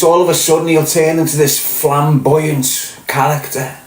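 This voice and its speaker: A man's voice: on the high side, little pitch movement, moderate pace, a little hiss or hum. Blunt Scouse man, echoey room. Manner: blunt, swearing, keeps asking "do you get what I'm saying". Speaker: podcast host. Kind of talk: casual monologue to camera.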